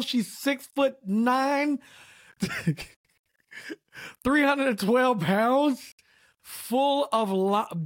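A man co-hosting a podcast in casual chat, telling stories, laughing and acting out quotes. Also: extremely high pitch. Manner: animated storyteller, laughs often, acts out quotes. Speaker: podcast co-host.

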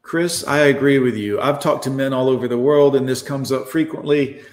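Sarcastic ranting streamer in an echoey room. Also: male voice, mid-range voice, normal speed. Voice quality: sarcastic, profane, mocking. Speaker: livestream host reacting to posts. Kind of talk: ranting live commentary.

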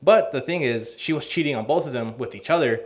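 A man's voice: medium pitch, fast talker. A man co-hosting a podcast, telling a long rambling story in casual chat, swearing freely and filling his talk with "like" and "uh". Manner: rambling, profane storytelling with lots of fillers. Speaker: podcast co-host.

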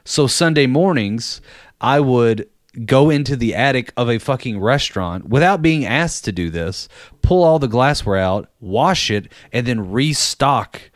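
A man's voice: mid-range voice, animated, a little slow, dry recording, studio quality. A young man telling a story about an old job, blunt and swearing, in casual podcast chat. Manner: blunt, profane, conversational.

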